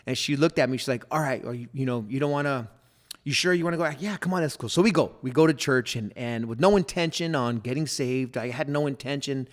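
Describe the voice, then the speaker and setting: Middle-aged male pastor, podcast guest; earnest, filler-heavy testimony, mid pitch, sometimes goes soft and hushed. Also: fast talker. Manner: earnest storytelling with many fillers. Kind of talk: personal testimony in a podcast interview.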